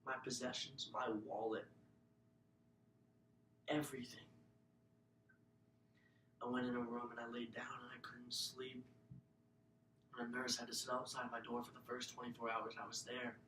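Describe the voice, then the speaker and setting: A young man giving an earnest, emotional personal testimony as a student speaker, often dropping to a hushed, breathy voice. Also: flat delivery, moderate pace, long pauses. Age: young adult. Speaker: student speaker telling his own story. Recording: echoey room, mic far off, faint rumble.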